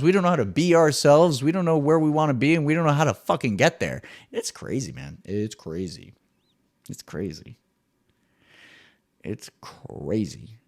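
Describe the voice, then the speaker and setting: A young man hosting a comedic solo podcast, ranting with swearing and swinging between loud bursts and muttered asides. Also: a little high. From New Jersey. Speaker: podcast host.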